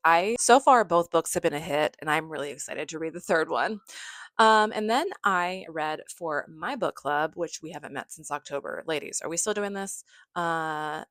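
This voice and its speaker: A young woman talks through her reading month in a relaxed, effusive way, dropping the odd swear. Her voice sits low for a woman, and the close mic is dry with no room sound. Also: no echo. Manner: chatty and effusive, swears casually. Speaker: book vlogger. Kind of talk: casual monthly book recap.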